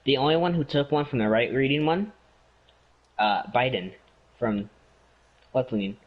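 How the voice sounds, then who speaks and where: A man chatting casually with a friend, mocking and slowing down for sarcastic emphasis. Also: mid-range voice, animated, highs cut off. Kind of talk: casual chat.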